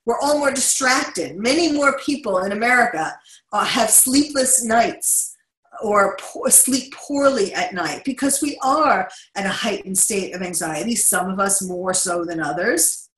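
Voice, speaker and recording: A woman's voice: medium pitch, expressive, a little slow, a bit bright, echoey room, low-quality recording. A middle-aged woman with a New York accent hosting a talk show, speaking earnestly with many fillers and restarts. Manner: earnest, with frequent fillers and restarts, occasional laughs. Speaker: host.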